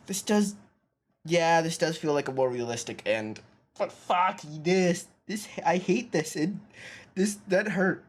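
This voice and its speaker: A male streamer reacting excitedly while reading a story game aloud, swearing often and raising his voice. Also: a little high, slightly rough. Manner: excitable, swearing, loud outbursts.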